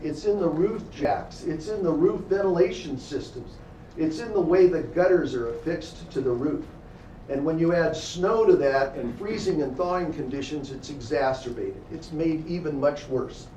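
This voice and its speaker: Speaking a little high at a normal pace, this man has a dark tone as he lectures a class in the role of a defense attorney. He tells emphatic stories and addresses the students directly. The distant mic picks up an echoey room and a faint hum.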